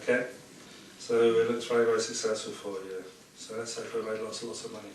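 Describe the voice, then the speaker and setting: A man's voice: lowish voice, little pitch movement, fast. Chatty man reading tarot, far off. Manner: chatty, rambling, laughs at his own stories. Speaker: tarot reader. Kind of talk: casual talk to a small audience. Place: room at a public talk. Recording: echoey room, far from the mic, noisy.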